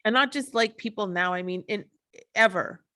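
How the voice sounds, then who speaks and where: A woman's voice: mid-range voice, moderate pace, fairly bright tone. Impassioned woman, swearing and questioning. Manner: impassioned, frequent swearing, restarts and rhetorical questions. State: emotional. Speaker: podcast host. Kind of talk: emotional solo monologue.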